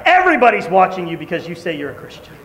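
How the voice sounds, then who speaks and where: Male preacher, bright high voice, echoey church sound. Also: very fast. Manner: animated storytelling, shouting in acted quotes. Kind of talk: sermon. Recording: echoey church hall, faint room noise.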